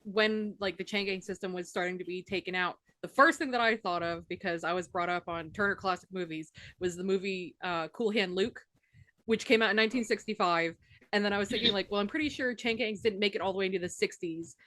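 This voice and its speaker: A woman's voice: medium pitch, a little fast, fairly bright tone, no echo. A woman co-hosting a podcast, chatty and joking. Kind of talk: casual podcast chat.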